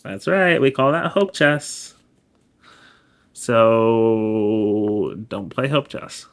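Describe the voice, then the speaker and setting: A man's voice: medium pitch, very slow. A man giving casual chess study commentary, laid-back and explanatory, often correcting himself as he goes. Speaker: chess streamer.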